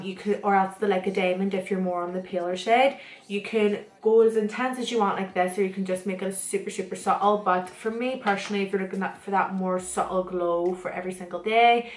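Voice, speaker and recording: A young woman chats to her viewers about makeup, rambling along with plenty of fillers and restarts. Her voice sits at an ordinary middle pitch. The sound bounces around a roomy, echoey space. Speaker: makeup artist and beauty vlogger. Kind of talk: casual Q&A chat to camera. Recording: roomy echo.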